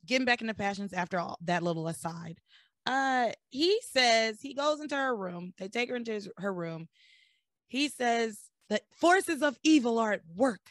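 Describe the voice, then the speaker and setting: A hoarse woman who is losing her voice, so it sounds deeper than usual, hosting a podcast and recapping a soap opera in animated, joking chat. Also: normal speed, no echo, clean studio sound. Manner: animated, joking, laughs often. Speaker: podcast host.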